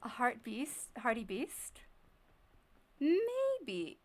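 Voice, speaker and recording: A woman with a bright, fairly high voice talks through a video game live, musing to herself and reacting to every scare. She speaks close to her desk microphone in a chatty, jumpy way. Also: lively intonation, normal speed. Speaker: streamer. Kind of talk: live gameplay commentary.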